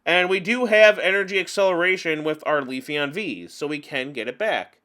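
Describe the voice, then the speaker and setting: A man giving casual gameplay commentary on a card game, chatty and openly venting his frustrations with animated outbursts. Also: on the high side, moderate pace. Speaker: gaming channel host.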